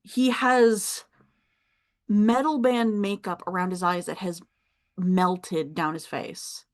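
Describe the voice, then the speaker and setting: A young adult woman narrating as game master, describing scenes with pauses and easy laughs. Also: on the low side, fairly even intonation.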